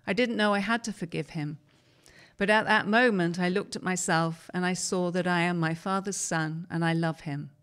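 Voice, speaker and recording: Low-voiced woman reading articles aloud. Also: steady tone, moderate pace, fairly bright tone, clear, resonant tone.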